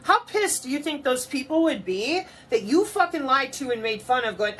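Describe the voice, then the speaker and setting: A woman's voice: high voice, lively intonation, normal speed, hardly any pauses, fairly bright tone, breathy edge. A woman in a mocking, profane monologue to camera, full of sarcasm. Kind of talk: ranting monologue.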